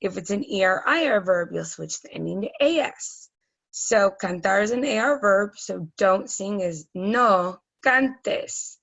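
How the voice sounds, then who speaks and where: A woman walks through a recorded Spanish grammar lesson at an unhurried, measured pace, her voice sitting at a middle pitch. She explains patiently step by step, often pausing on an um. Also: animated, vocal fry, fairly bright tone, muffled recording. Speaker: Spanish teacher.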